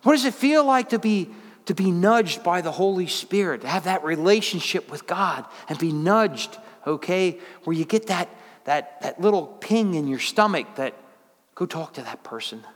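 A man preaching a sermon in a folksy, conversational way, dropping low and quiet, then climbing high and loud. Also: expressive, moderate pace, long reverb tail.

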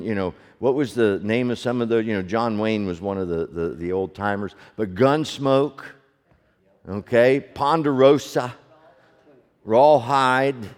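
Older male pastor, unhurried sermon delivery, rhetorical questions to the pews, echoing church hall. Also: medium pitch. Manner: asks the congregation rhetorical questions, swings between loud and hushed. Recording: long hall reverb.

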